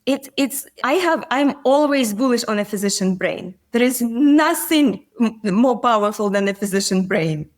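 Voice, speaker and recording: A woman's voice: a little high, animated, moderate pace. A middle-aged woman, a physician and coach, telling stories earnestly in a podcast interview. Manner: earnest, storytelling, occasional grammar slips.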